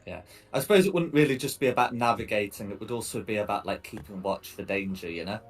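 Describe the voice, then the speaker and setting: Game master, male, lowish voice, hesitant and filler-heavy narration. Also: fast talker, soft background music.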